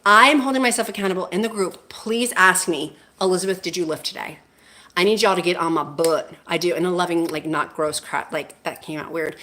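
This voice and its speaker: A woman's voice: lowish voice, fairly quick, pushed and bright. A woman hosting a casual livestream, gushing and effusive as she greets viewers and reads their comments aloud. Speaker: livestream host.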